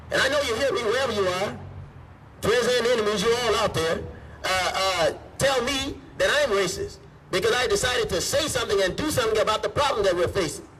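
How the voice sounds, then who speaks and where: Man giving a fiery rally speech, really high voice, mic far off, bit of noise behind. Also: a bit bright. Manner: emphatic, repeats his points. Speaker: minister. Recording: distant mic with faint background noise.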